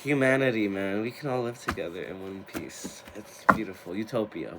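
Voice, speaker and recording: A man in his twenties who runs a tarot and spiritual channel talks casually to the camera in a fairly low voice at normal speed, getting excited, laughing a lot and occasionally swearing. Heavy background noise fills the recording.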